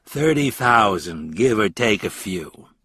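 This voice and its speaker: A man's voice: on the low side, animated, slow pace, pushed and bright, breathy edge, dry recording, clean studio sound, heavily acted. A man voicing a smug, wealthy American man with a slight New York accent, speaking in a pointed, edged way.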